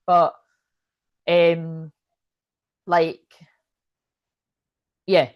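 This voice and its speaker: A woman's voice: lowish voice, level tone, extremely slow, no echo, lo-fi sound. A woman giving a live tarot reading in a loose, rambling way. She swears casually and keeps checking in with her listeners. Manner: keeps checking in with "you know what I mean". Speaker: tarot reader.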